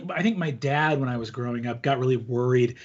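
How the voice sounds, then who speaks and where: A man from the United States telling stories in casual chat, animated, acting out the people he quotes. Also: a little fast, highs cut off. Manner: animated, acts out quotes with big pitch jumps. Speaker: storyteller in interviews. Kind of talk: casual anecdotal storytelling.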